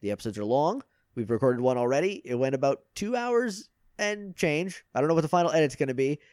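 A talkative man on a podcast, his voice sitting a touch high. He rattles through his projects with quick asides and laughs. The recording is close and dry, with no room sound. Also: sing-song, a little mellow, no room sound. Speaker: podcast guest. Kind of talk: casual podcast chat.

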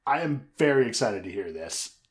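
A man's voice: medium pitch, very animated, moderate pace. A man hosting a podcast, talking casually and teasing his guest. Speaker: podcast host.

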